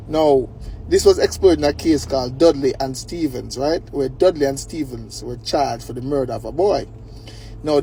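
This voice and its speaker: A man giving a measured educational explainer on the law, asking rhetorical questions. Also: on the high side, dark tone, slight background noise, poor audio. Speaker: legal explainer.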